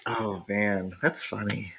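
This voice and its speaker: Excitable man hosting a gaming talk show. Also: fairly low pitch, vocal fry, a little hiss or hum, rough recording. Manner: excitable, laughing, drawn-out exclamations. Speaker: podcast host. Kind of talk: casual gaming commentary.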